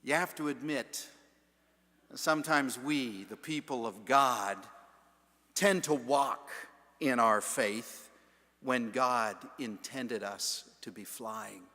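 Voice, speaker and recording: Slow, bright-voiced male preacher. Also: medium pitch. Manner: storytelling, deliberate and emphatic. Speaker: pastor. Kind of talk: sermon. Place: large stone church sanctuary. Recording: long church reverb.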